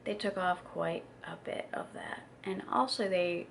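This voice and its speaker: A woman's voice: fairly low pitch, unhurried, creaky, slight background noise. A woman in her twenties chatting candidly to camera in a casual vlog, talking openly with plenty of fillers. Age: 20s. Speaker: vlogger. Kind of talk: casual confessional chat to camera.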